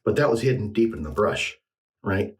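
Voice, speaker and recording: Rambling low-voiced man shaving on camera. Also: lively intonation, moderate pace, poor audio. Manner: rambling, self-deprecating, thinking aloud. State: slightly out of breath. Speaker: shaving vlogger. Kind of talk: casual talk while shaving on camera.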